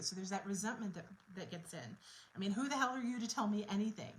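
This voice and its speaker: A woman coach speaks straight to camera in a casual, unscripted way. She sounds earnest and reflective, working her thoughts out as she goes. Her pitch sits in an ordinary middle range. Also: fast, a little hiss or hum, low-quality recording. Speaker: quit-smoking coach.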